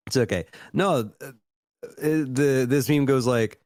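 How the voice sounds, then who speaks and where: A man's voice: mid-range voice, takes it slowly, smooth, no echo, clean studio sound. An American man in his thirties co-hosting a podcast, chatting casually with a profane, self-mocking, rambling manner. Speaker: podcast co-host.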